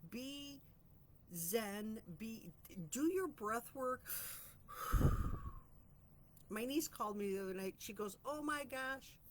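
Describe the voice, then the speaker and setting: A woman hosting a weekly reflection vlog, talking in an earnest, chatty, reflective way about calm and boundaries, stretching out phrases for emphasis. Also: on the high side, slow pace, long pauses, a little hiss or hum. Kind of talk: casual spiritual self-help musing.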